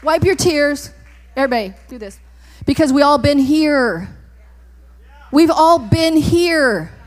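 A woman preaching a sermon in a church, emphatic and repeating her commands, sometimes rising to shouts. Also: high voice, animated, takes it slowly. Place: church sanctuary. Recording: long reverb in a church hall.

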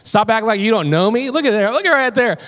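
Lively woman preaching a sermon. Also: fairly high pitch, quick pace. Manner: animated storytelling, building to emphatic exhortation. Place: church sanctuary.

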